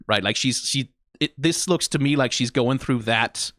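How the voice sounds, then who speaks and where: A male streamer talking through a video in casual, analytical commentary, with a mid-pitched voice. He swears freely and gets excitable and emotional. The sound is dry and close. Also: moderate pace, no room sound. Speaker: reaction streamer.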